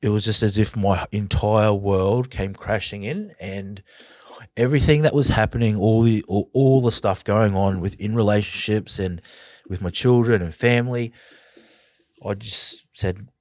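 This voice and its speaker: A man with an Australian accent and a very low voice speaks as a podcast guest. He tells his own story in an earnest, halting way, heavy with feeling, and the sound is close and dry with no room around it. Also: darkish tone, dry recording. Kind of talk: personal storytelling in conversation.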